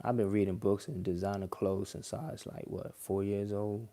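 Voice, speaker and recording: A young man talks through a livestream reaction in a loose, rambling way. His voice sits a little low, and he restarts his sentences and drops slang as he works through his thoughts. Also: steady tone, normal speed, warm tone. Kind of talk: casual reaction commentary.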